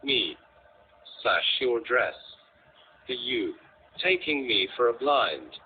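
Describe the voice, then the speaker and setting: A bullying young street thug, sneering and scornful, as a man reads him in a storybook. The voice drawls slowly and sounds thin and tinny, with a faint hiss underneath. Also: medium pitch, expressive. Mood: angry. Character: sneering young male mob boss, bullying.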